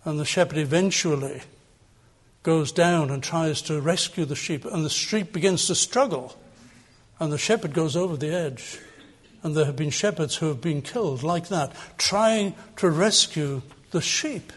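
Older man preaching with a high voice. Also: measured pace, breathy edge. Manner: earnest, emphatic preaching with repetition. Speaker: pastor. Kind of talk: sermon.

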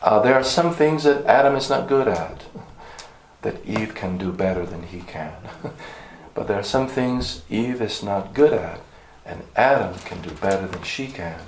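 A man's voice: on the low side, lively intonation, a little slow, roomy sound, a little hiss or hum, low-quality recording. A man preaching a sermon, emphatic, repeating key words for stress, with some ums and uhs.

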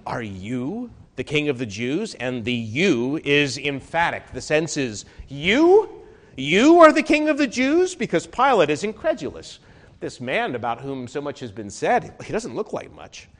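A man pastor delivering an earnest sermon to his congregation, his pitch and loudness swinging widely as he preaches. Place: warm, crowded church hall. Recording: reverberant hall.

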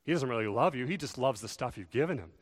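A man preaching a sermon, earnest, swelling louder and dropping soft to stress his points. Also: mid-range voice, lively intonation, fast, husky. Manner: earnest, rises and falls in volume for emphasis. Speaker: pastor. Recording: long reverb of a large hall.

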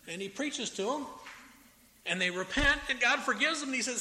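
A man preaching a sermon with a Southern American accent, animated and dramatic, raising his voice as he acts out the complaints of biblical figures. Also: high voice, brisk. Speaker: pastor. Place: church sanctuary. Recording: echoey hall with faint room noise.

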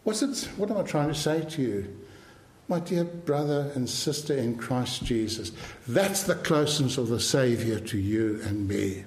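A man preaching a sermon, earnest and emphatic, now and then clearing his throat. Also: mid-range voice, animated, measured pace, darkish tone, echoey room. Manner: clears throat between points.

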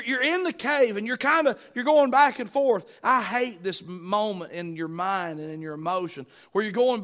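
Man, pastor, sermon, fairly high voice, emphatic then hushed delivery. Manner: preaching with rising emphatic bursts and quiet asides.

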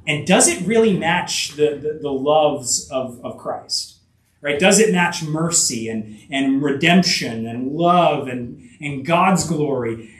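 A man preaching a sermon, halting and full of restarts, asking his listeners rhetorical questions. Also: high voice, echoey room, recorded from a distance, low-quality recording. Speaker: pastor.

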